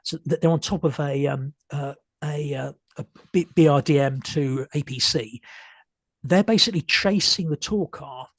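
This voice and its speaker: A man with a husky, slightly higher-pitched voice walks an audience through pictures in a hesitant, stop-start way, full of ums and restarts. He is losing his voice a little, and the sound is dry and close. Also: moderate pace, no room sound. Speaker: speaker giving a talk. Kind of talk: illustrated history talk.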